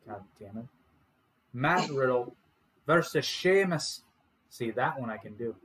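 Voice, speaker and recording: A man's voice: medium pitch, expressive, a little slow, fairly bright tone, breathy edge, poor audio. A man co-hosting a podcast in casual chat, blunt and grumbling, swearing casually. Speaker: podcast co-host.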